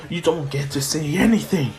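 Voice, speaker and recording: A young man voicing a fierce heroic male mentor who shouts his lines. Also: a little high. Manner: shouted battle cries.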